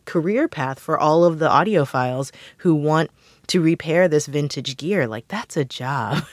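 Chatty woman co-hosting, low voice, dry studio sound. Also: lively intonation, measured pace, no room sound. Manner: chatty, filler-heavy. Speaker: co-host. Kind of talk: casual chat.

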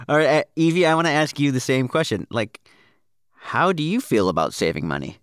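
A man hosting a kids' money podcast in a playful, lively way. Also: mid-range voice, brisk, smooth, dry recording, studio quality. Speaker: podcast host. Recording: music bed underneath.

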